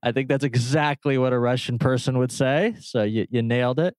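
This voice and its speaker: A man hosting a podcast, friendly and a little halting as he introduces his guest. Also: medium pitch, a little mellow, clear, resonant tone, no echo. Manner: friendly, slightly halting with fillers and restarts. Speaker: podcast host.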